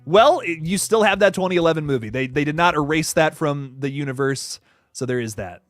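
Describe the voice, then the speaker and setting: Young male streamer, loose and profane, lively slightly high voice, dry close sound. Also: a little fast, no echo, faint music behind. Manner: animated, swearing, laughs often, reads chat aloud. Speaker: horror news host. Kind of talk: casual livestream chat.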